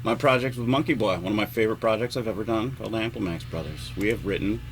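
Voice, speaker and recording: A man's voice: on the low side, fast, background noise. A man rambling alone in a home vlog, swearing often and mocking himself as he talks to himself. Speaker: vlogger and musician. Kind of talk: rambling solo vlog talk. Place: at home, neighborhood lawnmowers outside.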